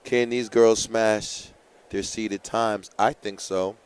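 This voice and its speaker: A man calls a live track meet, excitably hyping runners, listing heats and sharing coaching tips. His voice is lowish and clean in tone, and he takes it slowly.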